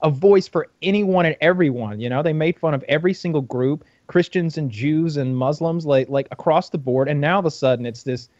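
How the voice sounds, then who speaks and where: A man's voice: a little high, brisk, few pauses, a little mellow, dry recording. A man in casual podcast chat, blunt and opinionated, with stammering restarts. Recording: dull dry mic sound.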